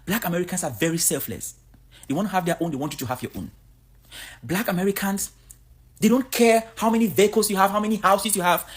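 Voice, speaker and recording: A woman's voice: medium pitch, fast, breathy edge. A woman from Cameroon, giving a blunt, outspoken vlog monologue. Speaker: vlogger.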